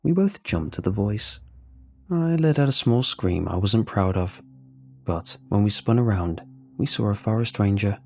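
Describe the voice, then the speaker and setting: A man narrating a first-person horror story, with steady, measured storytelling. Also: fairly low pitch. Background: faint music.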